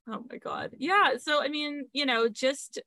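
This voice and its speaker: Talking at length as a podcast guest, this woman fills her casual chat with fillers and laughs between her points. Her voice is high, pushed and bright, with no room sound.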